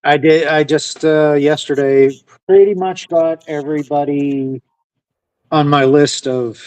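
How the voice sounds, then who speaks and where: A man's voice: on the high side, steady tone, unhurried, a little mellow, dry recording, low-quality recording. A man co-hosting a casual comic podcast, hesitant, often giving short agreeing replies. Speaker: podcast co-host. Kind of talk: casual chat.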